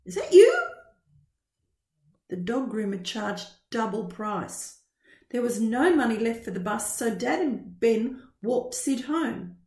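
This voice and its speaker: A woman reading a children's picture book aloud in a slow, expressive storytelling style. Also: a little high, creaky. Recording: roomy echo.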